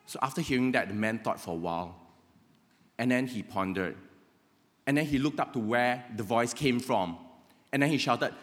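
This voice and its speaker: A man's voice: medium pitch, expressive, moderate pace, a bit bright. A man preaching a sermon in a conversational way, often checking in with "right?". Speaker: pastor. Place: church hall. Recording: long reverb of a church hall.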